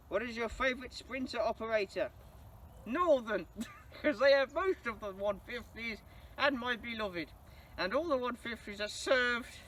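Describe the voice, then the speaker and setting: A young man from England, casually answering viewer questions as a channel host, enthusiastic and quick to laugh. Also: extremely high pitch, fairly bright tone. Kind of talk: casual Q&A monologue. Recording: distant mic, faint background noise.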